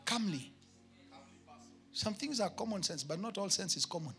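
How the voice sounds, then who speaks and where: A man with a Kenyan accent preaching a sermon to his church, emphatic, with shouted peaks and comic asides. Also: high voice, expressive, moderate pace, faint music behind. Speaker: pastor.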